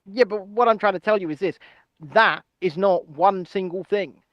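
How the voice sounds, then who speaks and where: A man co-hosting a casual chat show, explaining things in an animated way. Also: high-pitched, moderate pace, no echo, dull audio. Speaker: co-host.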